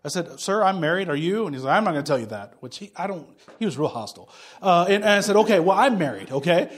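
High-voiced man preaching a sermon. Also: expressive, fast, breathy edge. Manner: conversational preaching, tells stories and acts out dialogue. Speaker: pastor.

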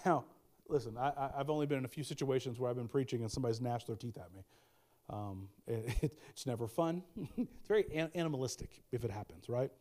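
A man's voice: mid-range voice, quick pace, a little mellow. A middle-aged male pastor preaching a sermon, emphatic, with folksy asides and repeated key lines.

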